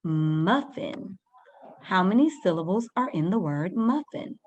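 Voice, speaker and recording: A woman's voice: fairly low pitch, animated, unhurried, darkish tone, highs cut off. A woman teaching a first-grade reading lesson, patiently sounding out words and guiding young children step by step.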